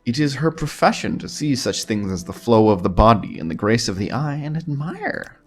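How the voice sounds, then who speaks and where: A man's voice: medium pitch, very animated, slow, a bit bright, soft background music. A man voicing a coy, scheming female cat-folk thief who speaks of herself in the third person, coaxing and purring as he reads game dialogue aloud. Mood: wheedling.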